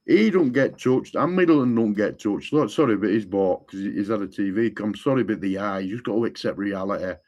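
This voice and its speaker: A man's voice: fairly low pitch, lively intonation, fairly quick, few pauses, a little mellow, lo-fi sound. A man, rambling in casual chat and often repeating the same stock phrase. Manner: rambling, repeats "what I'm saying to you".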